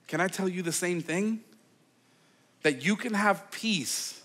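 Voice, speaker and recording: A man, a pastor, preaching a sermon in a conversational, animated storytelling way, full of casual fillers. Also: high-pitched, slow, pauses often. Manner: animated storytelling, acting out quoted voices; conversational, with many fillers like "like" and "okay".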